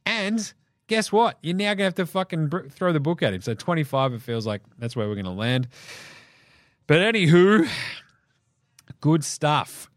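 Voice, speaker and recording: Lively Australian man ranting about basketball. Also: fairly high pitch, moderate pace, pauses often, no echo, clean studio sound, soft background music. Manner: animated, profane, laughing between jokes. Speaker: basketball podcast host. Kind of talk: solo sports podcast rant.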